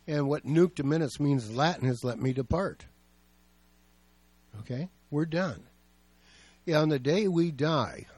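A man's voice: a little high, a little slow, pauses often, darkish tone, no echo. A male pastor preaching a sermon, telling stories in a plain, conversational way.

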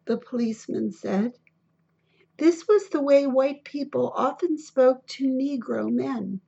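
A woman narrating a children's biography in a steady, deliberate storybook reading, on a dull lo-fi recording. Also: high voice, gravelly, slightly rough.

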